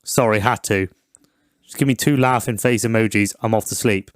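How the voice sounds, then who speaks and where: A man's voice: lowish voice, moderate pace, dry recording, studio quality. A man, co-hosting a casual podcast with crude, jokey banter. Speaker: podcast co-host.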